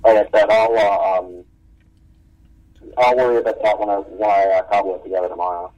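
A man co-hosting a podcast and talking casually and quickly about the script he is writing. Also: fairly low pitch, fairly even intonation, dark tone, recorded from a distance, highs cut off. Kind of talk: casual chat.

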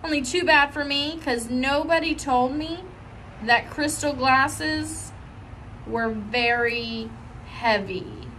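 A woman voicing a loud, excitable, clumsy little girl who talks in a high, eager voice. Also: takes it slowly, slight background noise, heavily acted, poor audio. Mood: sorry.

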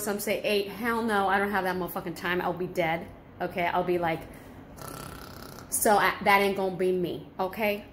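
A woman's voice: medium pitch, a bit bright, slight background noise. Chatty woman from Southern California, cooking. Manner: chatty, swears freely, switches between Spanish and English. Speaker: home cooking vlogger. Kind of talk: casual cooking vlog chat.

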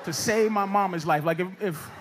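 A man doing a stand-up comedy set on stage, ranting loudly with shouted bursts. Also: high voice, normal speed. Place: comedy stage before a live audience. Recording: live show with loud crowd noise. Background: audience laughter.

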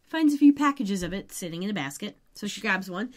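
A woman's voice: on the high side, lively intonation, a little fast, hardly any pauses, a little mellow. A woman co-hosting a podcast, recapping scenes in easygoing casual chat and often chiming in to agree. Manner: easygoing, brief agreeing interjections. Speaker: podcast co-host.

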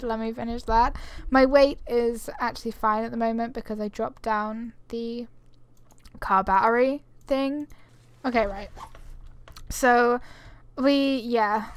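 A woman's voice: on the high side, fairly even intonation, unhurried. A young woman chatting casually as she plays a survival video game, rambling and thinking aloud at her computer. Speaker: gaming channel host. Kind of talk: casual gameplay commentary.

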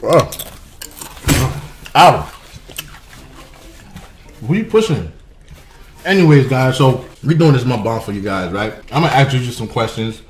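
A man's voice: medium pitch, expressive, measured pace, pauses often. A young man hosting a casual mukbang vlog, teasing his kid playfully while he eats. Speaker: family vlogger and dad.

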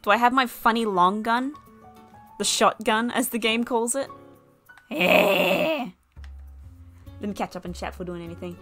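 Giggly, gravelly woman game streamer. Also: mid-range voice, unhurried, pauses often, fairly bright tone, soft background music. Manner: giggly, swears freely, chats with viewers while playing. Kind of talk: casual live-stream chat.

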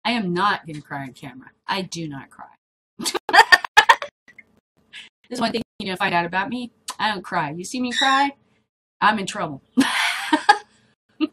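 Rambling to the camera for her casual vlog, a middle-aged woman with a medium-pitched voice chats away, laughs frequently and wanders between subjects. There's noise in the background.

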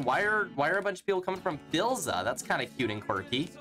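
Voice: mid-range voice, sing-song, fast, few pauses, bright, forceful tone, faint music behind. A streamer giving live gameplay commentary, reading chat aloud and answering it in a playful, teasing, sarcastic way.

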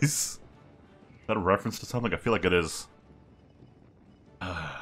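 A man giving casual, low-key let's play commentary, muttering wry asides as he plays. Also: expressive, moderate pace, long pauses, a bit bright. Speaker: gameplay commentator. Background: game music and gunfire.

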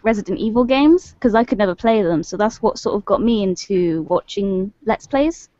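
A woman's voice: mid-range voice, animated, normal speed, warm tone, dry recording. Frank chatty woman from England. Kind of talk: casual group chat. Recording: dry, dull lo-fi audio.

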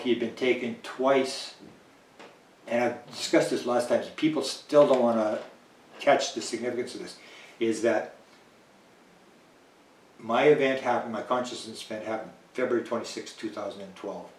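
An interview guest energetically spins a long story, chuckling and acting out the dialogue of the other people in it. His mid-range voice sounds a little distant from the mic, in an echoey room that bounces the sound back, making this animated conversational anecdote feel roomy.

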